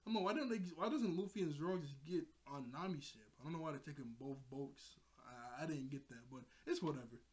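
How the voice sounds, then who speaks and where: A man's voice: on the high side, fast, few pauses. A young man reviewing an anime episode at home, rambling casually, laughing often and repeating himself. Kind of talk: casual chat. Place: home room, seated in a chair.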